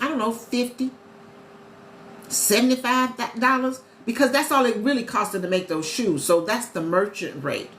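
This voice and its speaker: A woman chatting casually to viewers on a live stream as a travel agent host, animated and talkative. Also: medium pitch. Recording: echoey room with faint ambient noise.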